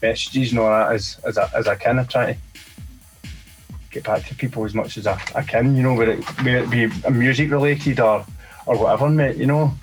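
A man's voice: mid-range voice, steady tone, a little fast, over music, poor audio. A Scottish man, a DJ and producer, chatting casually in an interview, rambling and dropping "mate" and "you know" often. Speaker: DJ and producer guest.

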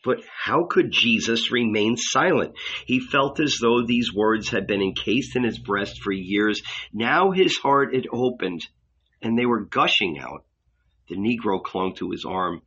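A man reads a novel aloud at an unhurried pace, his voice bright and forceful. The recording is dull and lo-fi, as if it came from an old tape. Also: lowish voice, expressive, slightly rough. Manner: measured storytelling. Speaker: audiobook narrator. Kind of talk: scripted narration.

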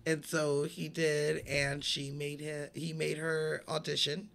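A man co-hosting a casual movie podcast, telling stories in an animated way, acting out the people he quotes and swearing freely. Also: on the high side, unhurried, vocal fry, few pauses. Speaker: podcast co-host.

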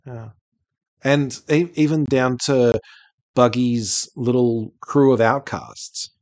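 A man's voice: medium pitch, takes it slowly, darkish tone, no room sound. A man co-hosting a podcast in casual chat, talkative, swearing freely and laughing often. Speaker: podcast co-host.

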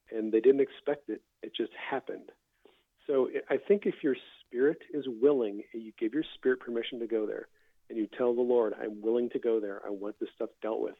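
A man hosting a casual faith conversation, calmly recounting testimonies he has heard. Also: medium pitch, no echo. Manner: relaxed storyteller, recounts others' testimonies. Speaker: podcast host. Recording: tinny phone-like line.

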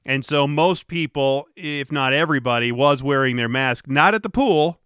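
A man's voice: medium pitch, normal speed, fairly bright tone, clear, resonant tone, no room sound, studio quality. A middle-aged man hosting a casual transportation podcast, rambling with frequent restarts. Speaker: podcast host and traffic reporter.

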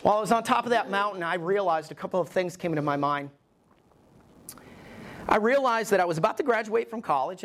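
Male lead pastor, sermon storytelling, personal and emotional, rhetorical asides. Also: sits high. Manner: personal, conversational preaching with rhetorical questions; emotional, pleading delivery.

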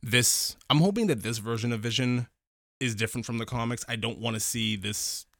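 A man's voice: mid-range voice, a little fast, fairly bright tone, no room sound, studio quality. A man co-hosting a casual podcast, sharing opinions on a TV series and repeating phrases as he thinks aloud. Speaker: podcast co-host. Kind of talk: casual episode review chat.

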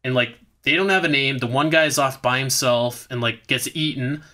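A man's voice: mid-range voice, moderate pace, pushed and bright. A man co-hosting a podcast, recapping a bad movie in rambling, profane, sarcastic casual chat.

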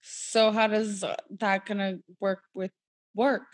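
A woman's voice: mid-range voice, flat delivery, slow pace. A woman co-hosting a casual podcast, laughing often and reacting bluntly, with some swearing. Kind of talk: casual chat.

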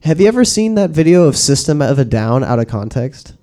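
A man's voice: a little high, sing-song, fairly quick, warm tone. A man co-hosting a podcast in casual chat, loose and laughing, with frequent swearing. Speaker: podcast co-host.

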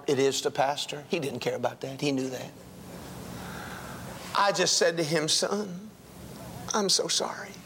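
An older male pastor preaching a sermon to a congregation, telling a personal story and acting out the dialogue, swinging from hushed tones to shouting. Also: mid-range voice, vocal fry, slight background noise. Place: church, before a congregation.

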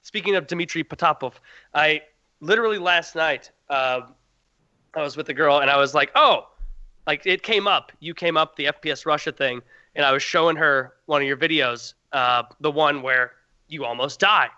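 High, bright-voiced man on dry lo-fi audio. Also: moderate pace, no echo. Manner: storytelling, mocking impressions of others. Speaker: podcast co-host. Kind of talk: casual chat.

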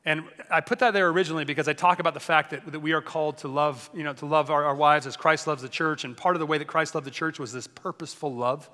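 A man preaching a sermon as a pastor, energetic and conversational, often joking with the congregation. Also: fairly high pitch, fast, hardly any pauses, long reverb tail.

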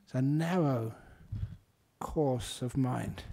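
A man's voice: mid-range voice, slow pace, gravelly, mellow. A man, a Buddhist monk, giving a humorous dharma talk in a chatty way and laughing at his own stories.

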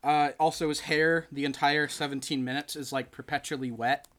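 A man hosting a podcast, chatting casually and retelling a film with lively acted-out quotes. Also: on the high side, moderate pace. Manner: animated storytelling, acts out quotes. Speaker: podcast host. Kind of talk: casual chat.

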